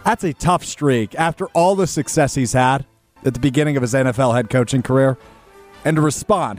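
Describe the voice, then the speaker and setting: Animated man hosting sports radio. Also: medium pitch. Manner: animated, emphatic, conversational. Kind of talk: opinionated sports radio talk.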